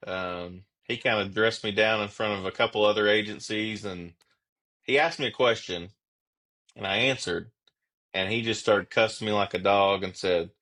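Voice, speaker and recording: A man who is a police officer and podcast guest, explaining his views in a steady, reflective way. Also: fairly low pitch, normal speed. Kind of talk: casual conversational interview.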